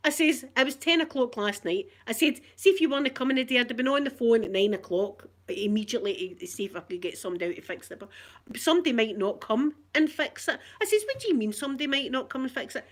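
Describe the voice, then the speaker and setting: Speaking quickly in a high-leaning, expressive voice, this Scottish vlogger from Glasgow sits at home in her living room. The middle-aged woman laughs while recounting an indignant tale straight to camera.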